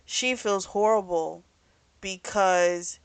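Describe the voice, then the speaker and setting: A woman talking through a book's plot like she's catching up with a friend. Her pitch sits right in the middle, neither high nor low, and she tells it in an animated, conversational way, leaning on "you know" as she goes. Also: slow pace, smooth. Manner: chatty, animated storytelling with frequent "you know". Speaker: book club host reviewing a novel. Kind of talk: casual plot recap.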